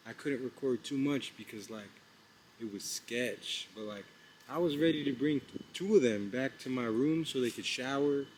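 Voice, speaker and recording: A young man vlogging outdoors at night, telling a story in a casual, excited, slangy way, rambling with lots of "like" and "bro". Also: mid-range voice, moderate pace, poor audio. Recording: outdoor street noise with passing traffic.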